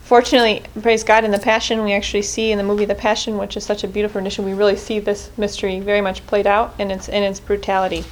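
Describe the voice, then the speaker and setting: A woman's voice: medium pitch, flat delivery, fast talker, few pauses, a little hiss or hum. A woman leading a group prayer reflection in an earnest way, often restarting and correcting herself mid-sentence. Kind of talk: spoken reflection on scripture.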